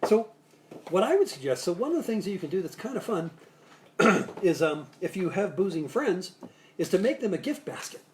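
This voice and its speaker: A man's voice: high-pitched, very animated, normal speed, darkish tone, a little hiss or hum. A man hosting a live cocktail show, chatting casually and jokily, rambling with restarts and asides as he gives bartending tips. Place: Salt Lake City area.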